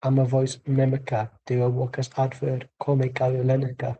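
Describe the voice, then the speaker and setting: A man's voice: medium pitch, monotone, normal speed, husky, dull audio. A man streaming a live football watchalong, giving dry, rambling chat and calling out plays. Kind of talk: casual match commentary and chat.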